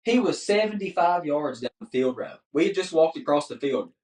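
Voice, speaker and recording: A man's voice: fairly high pitch, normal speed. A man, a podcast guest telling a story in casual chat and acting out the dialogue. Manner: animated storyteller, acts out dialogue. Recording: roomy, mic at a distance.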